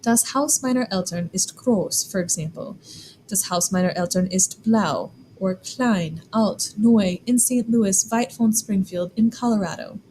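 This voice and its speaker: A woman explaining German grammar in a clear, deliberate lesson, slowing down to spell out examples. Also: medium pitch, darkish tone, a little hiss or hum, poor audio. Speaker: German teacher. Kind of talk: scripted classroom explanation.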